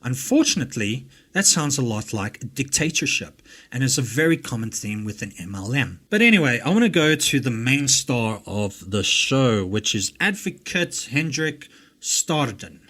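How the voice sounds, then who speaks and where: An English-speaking South African man hosts a reaction video, delivering angry, mocking, profanity-filled rants about a recording. His mid-range voice is sing-song and fairly bright, at a moderate pace.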